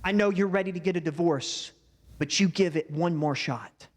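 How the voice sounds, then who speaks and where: A man's voice: a little high, moderate pace. A man preaching a sermon in a church, talking to the congregation in a conversational way with asides like "wouldn't you say?". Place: church sanctuary. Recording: reverberant church hall.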